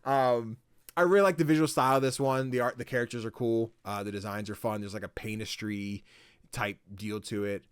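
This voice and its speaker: A man hosting a podcast in casual chat, animated, swearing casually and often slipping into voices. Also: medium pitch, brisk, clean tone, no echo. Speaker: podcast host.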